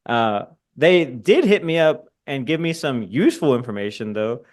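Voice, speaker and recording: A man's voice: medium pitch, expressive, moderate pace. A young man, co-hosting a sports podcast and telling long stories with plenty of swearing. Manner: profane, rambling storyteller. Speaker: podcast co-host. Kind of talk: casual sports podcast chat. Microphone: podcast microphone.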